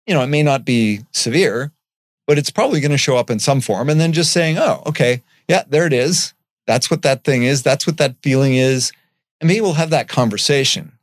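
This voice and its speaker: A man talking earnestly in a casual podcast conversation, getting animated and swearing now and then. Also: medium pitch, fairly quick, no room sound, clean studio sound.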